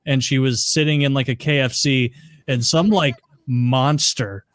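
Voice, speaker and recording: A man's voice: mid-range voice, steady tone, unhurried, no room sound. A man co-hosting a podcast, chatting casually and laughing as he retells a comedy clip. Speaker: podcast co-host.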